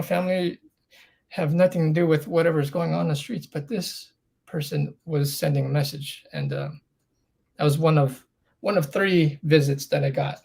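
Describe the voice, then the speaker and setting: A man's voice: a little high, vocal fry, a little mellow, slightly rough. A middle-aged man as a podcast guest, telling his own story candidly and acting out the dialogue with rising intensity. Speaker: interview guest.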